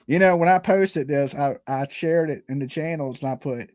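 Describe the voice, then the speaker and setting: Casual male host, loose storyteller, bright high register, dry mic. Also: moderate pace, no room sound. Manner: rambling, laughs often, storytelling. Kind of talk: casual commentary.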